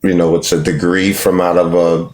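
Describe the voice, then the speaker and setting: A man's voice: deep voice, flat delivery, moderate pace, darkish tone. A man hosting a live stream, talking down to callers in a combative, lecturing way and repeating his points. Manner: dismissive, lecturing, repeats himself. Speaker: livestream host.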